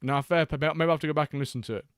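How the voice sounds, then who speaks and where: A man's voice: a little high, fairly even intonation, very fast, clear, resonant tone, no echo, clean studio sound. A man hosting a live watchalong stream, reading chat aloud and bantering with a jokey, laughing manner.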